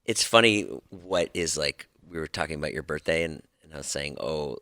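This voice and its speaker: A man co-hosting a podcast, chatting sarcastically and jumping into high voices when he quotes others. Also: a little fast, pushed and bright, no echo. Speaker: podcast co-host. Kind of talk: casual podcast chat. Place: podcast studio.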